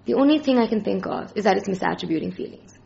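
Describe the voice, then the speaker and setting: A woman's voice: medium pitch, expressive, fast, creaky, mellow, muffled recording. A woman voicing a worried man, a tech worker, who speaks in an uneasy, hesitant way.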